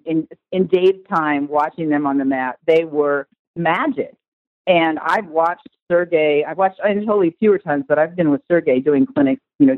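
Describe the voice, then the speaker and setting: A woman's voice: sits low, no echo, phone-quality sound. A woman guest in a conversational interview, talking with enthusiasm and at length. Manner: enthusiastic, talkative. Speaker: guest, tour organizer.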